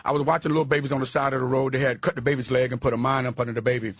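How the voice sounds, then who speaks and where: A man in his sixties, a guest on a talk radio show, speaking loudly, roughly and emphatically as he preaches his views. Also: mid-range voice, flat delivery, rapid-fire, no room sound. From United States. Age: 60s.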